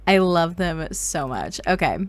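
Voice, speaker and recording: A woman from Indiana giving bubbly, excitable, casual commentary on a life-sim game as the channel's host. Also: fairly low pitch, measured pace, no echo.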